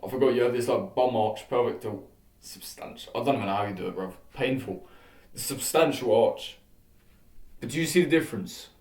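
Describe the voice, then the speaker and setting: A young man hosting a self-improvement vlog, coaching viewers through posture exercises in a casual, energetic way. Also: medium pitch, a little fast.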